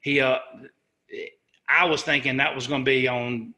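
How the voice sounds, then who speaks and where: A middle-aged American man, a sergeant, recounting a war story on an interview podcast. His voice is strikingly bright and tense, pitched in an ordinary middle range. He talks earnestly, stopping and restarting as he corrects himself. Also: fairly even intonation. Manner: earnest and halting, with frequent restarts and self-corrections. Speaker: interview guest, army sergeant.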